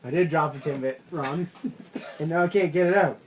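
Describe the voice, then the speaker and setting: A man's voice: fairly high pitch, brisk, slight background noise. A man co-hosting a casual comedy podcast, dropping dry one-liners. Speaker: podcast co-host.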